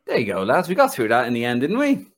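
A man with a Dublin Irish accent hosting a casual football podcast, telling stories with laughter and a chatty, animated manner. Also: mid-range voice, very fast. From Ireland. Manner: chatty storyteller, laughs through anecdotes. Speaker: podcast host.

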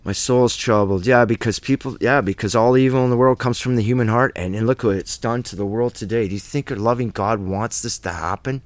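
Man, mid-pitch, blunt emphatic Bible teacher, dry close room; slangy, plainspoken. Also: fairly quick, hardly any pauses, dry recording. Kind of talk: casual Bible study teaching.

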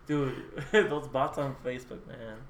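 A man's voice: mid-range voice, fairly even intonation, unhurried. A young man joking around as a podcast guest, throwing in teasing wisecracks in casual chat. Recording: echoey room.

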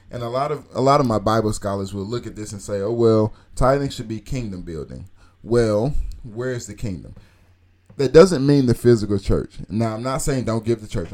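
A man's voice: medium pitch, dark tone. A man giving an earnest, informal teaching talk, asking rhetorical questions and repeating key phrases. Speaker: Christian speaker teaching on tithing.

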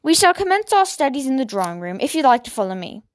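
A mild, bookish man tutoring in a storybook, as a woman reads his lines, formal and a little stiff. The voice stays fairly high, close to the reader's own. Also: sing-song, quick pace.

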